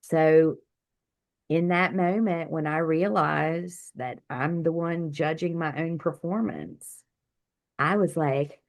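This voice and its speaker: A woman, a doctor and healer, telling her story in an interview over a video call, vivid and animated, acting out the quotes. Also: low voice, takes it slowly.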